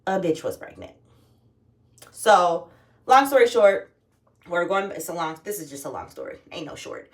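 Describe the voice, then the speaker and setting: A woman's voice: fairly low pitch, big pitch swings, normal speed, long pauses, recorded from a distance. A young woman talking casually and candidly to her phone camera at home, swearing freely as she tells a personal story. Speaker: vlogger.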